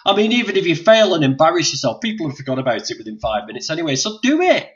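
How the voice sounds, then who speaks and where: A man's voice: a little high, big pitch swings, rapid-fire, a bit bright. Chatty male host on dull stream audio. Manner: encouraging, chatty, rambling. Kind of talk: casual live chat. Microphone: video call.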